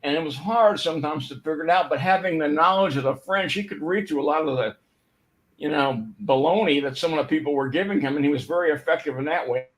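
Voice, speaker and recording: Older man telling war stories, slightly high. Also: fast talker, rough recording. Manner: storytelling, rambling with fillers and restarts. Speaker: speaker giving a history talk. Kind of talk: informal history talk.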